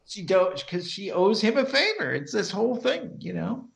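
A man's voice: high voice, moderate pace, vocal fry. A man, chatting casually as a podcast co-host and acting out scenes as he retells them. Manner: animated, acts out characters' lines while retelling scenes. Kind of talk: casual chat recapping a TV episode.

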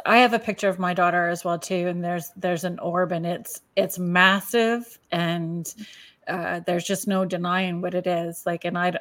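Low-voiced woman hosting a podcast. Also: fairly bright tone, no room sound. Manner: conversational, agreeable, with fillers. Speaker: podcast host. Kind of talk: casual chat.

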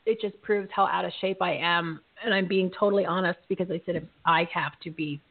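A woman's voice: lowish voice, a little fast. Chatty woman host over a tinny line. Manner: chatty, laughs often, excitable. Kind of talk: casual live show chat.

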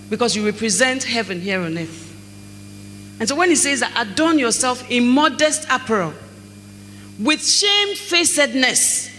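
Preacher mid-sermon, very high and bright voice, slow scripture reading, reverberant hall. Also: male voice. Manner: slow scripture reading, lively storytelling with acted dialogue. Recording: echoey hall, faint mains hum.

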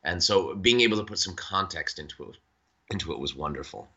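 Low-voiced bright American man, halting talk. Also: lively intonation, slightly rough, dull audio. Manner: thoughtful, halting with many restarts and fillers. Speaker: voice actor guest. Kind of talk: casual interview chat.

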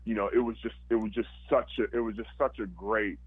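A man's voice: on the low side, steady tone, brisk, husky, no room sound, phone-quality sound. A man, a former football player, telling his story casually and animatedly, acting out quotes with lots of fillers.

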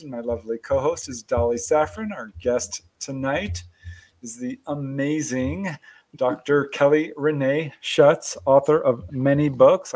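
A man's voice: on the high side, breathy edge. A man hosting a live talk show, giving a station break and introducing the guest in a friendly, easygoing way. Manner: friendly, easygoing announcer, chuckles between plugs.

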